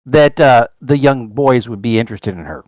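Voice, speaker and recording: A man's voice: medium pitch, animated, normal speed, darkish tone, dry recording. An American man running a tabletop game as game master, enthusiastic and prone to restarts. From United States.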